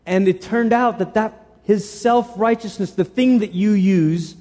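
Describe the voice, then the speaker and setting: A man preaching a sermon to his church, animated and repeating phrases for emphasis. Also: high-pitched, measured pace, in a large hall, slight background noise. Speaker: pastor.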